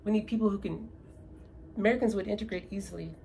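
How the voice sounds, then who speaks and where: A woman from Canada speaks in a casual, opinionated way, making her case with one rhetorical question after another. Her voice has a gravelly edge of vocal fry, and her pitch sits in a middle range. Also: fast talker, darkish tone, slight background noise, rough recording.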